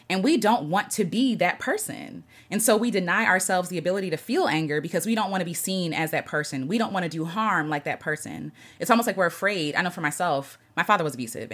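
A woman hosting an impromptu livestream from her home, chatting casually, reading viewer comments aloud and greeting people as they join. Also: on the low side. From United States. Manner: earnest, reads out viewer comments and greets them warmly. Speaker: livestream host.

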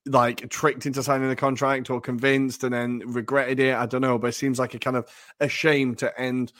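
A man's voice: mid-range voice, level tone, moderate pace, a bit bright, dry recording. Guy on a football podcast, rambling with lots of "like" and "kind of", dry close mic. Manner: chatty, hedging with fillers and frequent laughs. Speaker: podcast co-host. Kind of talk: casual football chat.

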